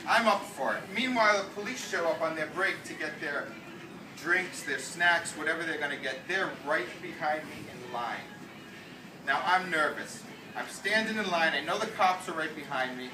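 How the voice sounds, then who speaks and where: A man's voice: a little high, animated, normal speed. A middle-aged man with a New England accent doing self-mocking stand-up storytelling at a meet-and-greet on a ship, heard from a far camera. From United States. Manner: brash, self-mocking, punchline-driven. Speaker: stand-up comedian. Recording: roomy, distant camera audio with noise. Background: audience laughter.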